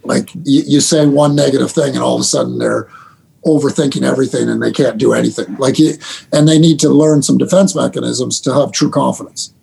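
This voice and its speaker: A middle-aged man, a basketball head coach, telling animated stories with laughter and quick restarts in a casual interview. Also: mid-range voice, gravelly, slightly rough. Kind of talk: storytelling guest in a casual interview.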